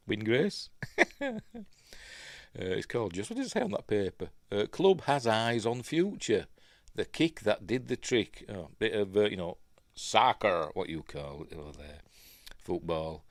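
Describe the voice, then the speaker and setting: A man's voice: low-pitched, no room sound, clean studio sound. A man with a Yorkshire accent talks through a film in a casual, rambling way, full of ums and asides. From Yorkshire, England. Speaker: film reviewer.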